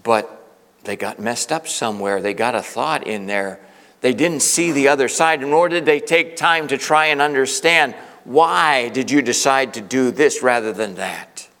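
A middle-aged male preacher tells a story from the pulpit in an earnest, conversational way, often circling back to restart a thought. His voice has a gravelly edge and a mid-range pitch. The sound rings with a long reverb from a large church hall. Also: a little slow, a bit bright. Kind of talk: storytelling sermon.

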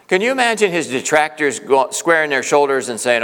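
A male pastor preaching a sermon, swinging from loud, emphatic peaks to hushed asides. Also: on the high side, very animated, brisk, few pauses. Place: church sanctuary. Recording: reverberant church hall.

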